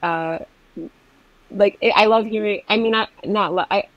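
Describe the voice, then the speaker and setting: A woman from New Jersey, a podcast guest, speaking haltingly with many restarts as she searches for words. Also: medium pitch, dry recording, lo-fi sound. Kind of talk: casual interview talk.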